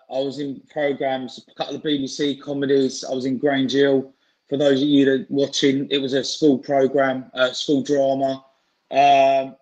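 A man with a medium-pitched voice chats informally on a video call, heard on a low-quality recording. He's an interview guest, a singer and actor, and his casual talk is full of fillers and restarts.

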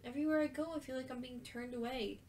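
A woman reading aloud the lines of a hurt but gentle young woman from a story game, in an earnest voice. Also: high voice, fairly even intonation, quick pace, slight background noise. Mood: upset.

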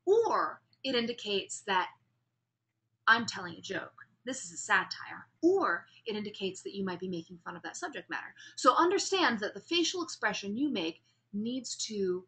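A woman with a bright, forward voice teaches a speech class. She swings her pitch up and down to show contrast and calls on students with questions. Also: moderate pace. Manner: animated, demonstrates pitch and emphasis, asks students questions. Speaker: speech instructor. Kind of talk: classroom lecture.

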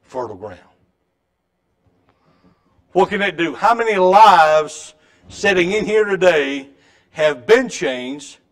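A middle-aged man preaching a sermon in a church, with a folksy storytelling way that swings between loud and soft. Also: a little high. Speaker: pastor. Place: church sanctuary.

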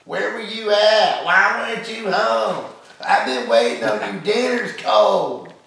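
A shrill, loud, nagging wife with a southern twang, as a man puts her on, pitched far above his own voice and drawn out slowly. She scolds at full volume. The sound is distant and echoey, with steady noise in the room. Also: vocal fry, exaggerated voice. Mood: scolding.

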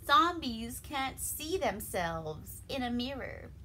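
A woman putting on the voice of a sassy, blunt woman cook who talks high and loud. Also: very animated, slow, slight background noise, heavily acted, rough recording.

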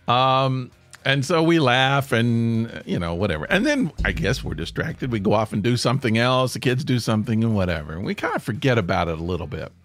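A man spins a comic story for his podcast, his pitch leaping up and down as he goes. He is self-deprecating and often laughs between words. The sound is dry and close, with faint music behind him. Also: brisk, no echo. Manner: animated, self-deprecating, laughs mid-sentence. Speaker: podcast host.

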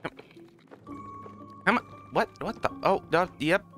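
A man's voice: high-pitched, lively intonation, a little slow, fairly bright tone, soft background music. A man casually commenting on a game as he plays, rambling and chuckling at himself. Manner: rambling, self-mocking, laughs often. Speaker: gaming channel host. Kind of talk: casual let's play commentary.

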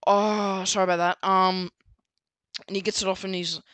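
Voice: medium pitch, little pitch movement, normal speed, fairly bright tone, dry recording. A book reviewer casually recapping a story, rambling with many fillers and restarts.

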